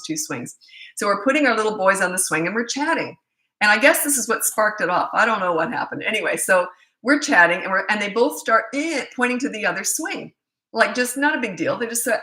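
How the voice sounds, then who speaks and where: Her voice is bright, forceful and medium-pitched, echoing in a roomy space. This middle-aged parenting coach offers blunt advice in an animated, casual storytelling way, playing out the characters from her anecdotes.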